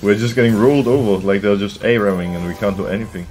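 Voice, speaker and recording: Man, deep low voice, live game streamer, excitable, chats to viewers, faint music behind. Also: fast talker. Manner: excitable, laughing, talks to chat. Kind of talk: casual live game commentary.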